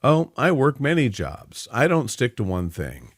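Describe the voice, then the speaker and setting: Casting: narrator as a chatty, easygoing young guy, lively delivery, dry sound. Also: medium pitch, measured pace, no room sound, pitched above the performer's own voice. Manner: casual, talkative.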